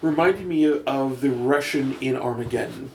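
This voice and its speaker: A man's voice: mid-range voice, moderate pace. A man chatting casually on a podcast, laughing often and restarting his sentences. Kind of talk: casual chat. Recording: roomy echo, faint background noise.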